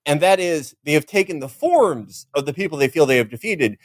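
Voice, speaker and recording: Guy guesting on a podcast, bouncy lively voice, jokey, dry sound. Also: on the high side, brisk, no room sound. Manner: animated, jokey, repeats himself. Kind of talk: casual comedic chat.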